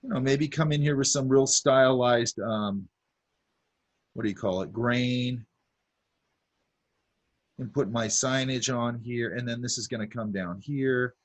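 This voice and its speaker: A man's voice: mid-range voice, a little slow, pauses often. Laid-back man teaching while he draws. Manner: talks while drawing, many fillers and asides. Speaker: art instructor. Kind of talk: casual drawing demonstration.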